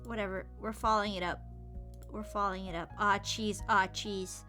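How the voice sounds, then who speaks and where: A young woman streaming a game, chatting playfully and gushing over cute outfits, sometimes dropping to soft whispers. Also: medium pitch, steady tone, normal speed. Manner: slips into soft whispers and mutters. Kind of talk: casual gameplay commentary. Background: game music.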